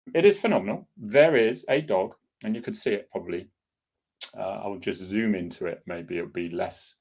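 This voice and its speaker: A middle-aged man, a former police officer, hosting a casual solo chat in a rambling, opinionated way. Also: mid-range voice. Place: home in Cornwall.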